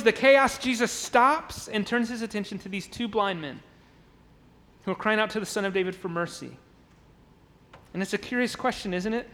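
A man delivers a sermon from the pulpit of a church sanctuary, and his voice sits unusually high for a man. He pushes his points with emphasis and repeated words, sometimes acting out the voices of a crowd. Long reverb from the hall trails behind him. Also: fairly bright tone. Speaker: pastor.

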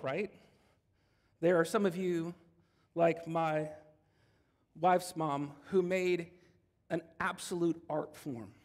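A man's voice: on the high side, in a large hall. A man preaching a sermon as pastor, in a conversational way that jokes with his congregation.

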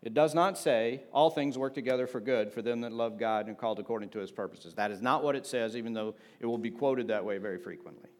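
Man, pastor, sermon, conversational preaching, humorous, calls for amens, middle pitch. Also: fast, hardly any pauses.

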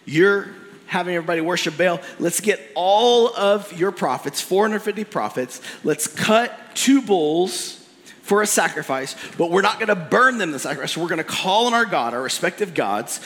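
A fearless prophet throws down a challenge to a king, loud and insistent, as a preacher puts him on in the middle of a sermon. The voice sits fairly high for a man and rings out with a long hall echo behind it. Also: expressive, normal speed. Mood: defiant. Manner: defiant, raised and emphatic.

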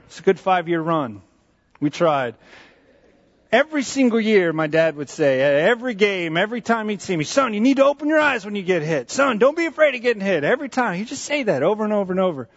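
High-voiced man preaching in a hall. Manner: animated, repetitive storytelling with asides. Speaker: pastor. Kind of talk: sermon storytelling. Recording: dull, echoey hall sound.

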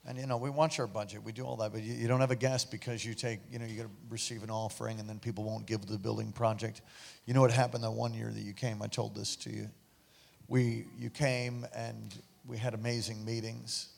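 A pastor preaching and telling a story to his congregation during an offering, animated and breaking into loud exclamations. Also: lowish voice, a little fast, creaky. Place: large church sanctuary. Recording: echoey church hall with music. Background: instrumental music.

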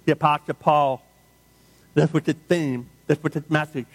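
Middle-aged preacher guy, kinda high voice, chatty and jokey with the crowd. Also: fairly even intonation, normal speed. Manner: conversational, humorous storytelling with audience asides. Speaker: pastor. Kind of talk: sermon.

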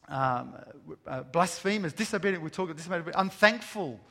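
A man's voice: a little high, fairly bright tone. Preaching man in a reverberant hall. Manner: emphatic, rhetorical questions, slow stressed lists of words. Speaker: pastor. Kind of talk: sermon. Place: large room with an audience. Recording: long reverb of a large hall.

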